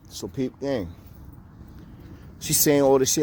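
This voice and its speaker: Animated New man telling a story. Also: mid-range voice, moderate pace, pauses often, a little hiss or hum. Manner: animated, acts out quoted voices, profane street slang. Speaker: storyteller recounting jail time. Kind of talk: casual storytelling to camera.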